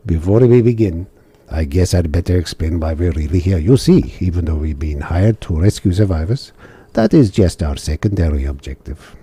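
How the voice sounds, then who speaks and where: A man voicing a gruff, commanding mercenary colonel in a video game who briskly briefs a survivor and calls him son. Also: deep voice, expressive, mellow, no room sound, exaggerated voice. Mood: persuasive.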